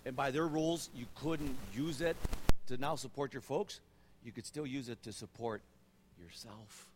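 A man, a pastor, giving a sermon in a church in a conversational, animated way, often repeating phrases and checking in with "right?". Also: mid-range voice, slight background noise. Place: church sanctuary. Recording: long reverb of a church hall.

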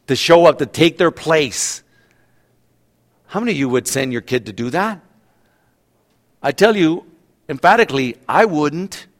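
A middle-aged man preaching a sermon as pastor, talking conversationally, often restarting and asking the congregation questions. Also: on the high side.

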